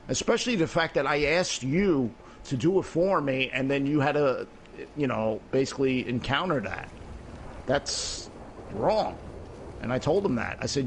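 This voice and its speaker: A man's voice: mid-range voice, normal speed, a little hiss or hum. Man, earnest, emphatic, casual game chat, repeats himself a lot, headset mic, mid-range voice. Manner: long retelling that repeats "I said" over and over. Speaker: father chatting with friends in a game party.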